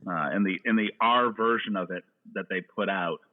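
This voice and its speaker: A man with a fairly low voice talks through old movies in a loose, rambling way, full of jokes and restarts. He comes through a narrow, tinny line that sounds like a phone call. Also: moderate pace. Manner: rambling, joking movie talk with frequent "uh" restarts. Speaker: podcast guest. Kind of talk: casual chat.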